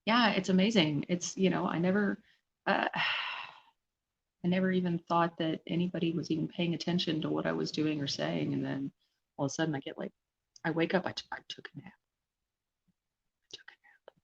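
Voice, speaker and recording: Woman, live streamer, low gravelly voice, self-deprecating, muffled lo-fi sound. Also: steady tone, moderate pace. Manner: rambling, self-deprecating, laughs often. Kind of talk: casual live stream chat.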